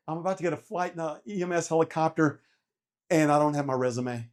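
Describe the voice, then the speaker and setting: A man's voice: on the high side, brisk. A middle-aged man, a retired helicopter pilot, casually telling a story, acting out what people said and swearing freely. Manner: animated retelling with quoted voices and swearing. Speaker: interview guest, retired Army helicopter pilot.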